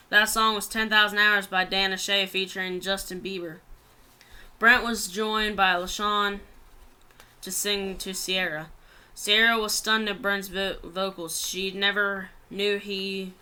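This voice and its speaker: A woman reads a long story aloud with a bright, crisp voice. She tends to trip over words and start them again, keeping an unhurried, plain storytelling delivery. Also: medium pitch. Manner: plain reading with frequent slips and restarts.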